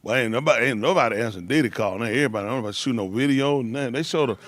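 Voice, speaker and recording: Speaking very fast at a medium pitch, a man spins stories in a loose, rambling way. He keeps breaking into laughter and shouting impressions during the casual talk.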